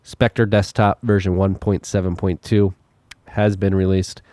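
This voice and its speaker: Deep-voiced joking male podcast co-host. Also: level tone, a little slow, dark tone, no echo. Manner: joking, laughs often, reads release list. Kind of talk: casual podcast chat.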